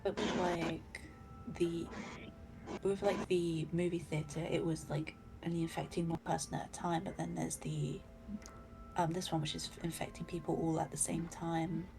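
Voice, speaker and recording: A woman's voice: on the low side, little pitch movement, normal speed, gravelly, noisy background. A woman player rambling through her theory with many fillers. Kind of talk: casual chat among tabletop players. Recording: music playing behind.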